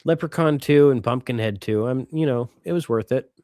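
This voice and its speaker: A middle-aged man co-hosting a podcast in casual chat, animated and quick to swear and laugh. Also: mid-range voice, no room sound, studio quality. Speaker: podcast co-host.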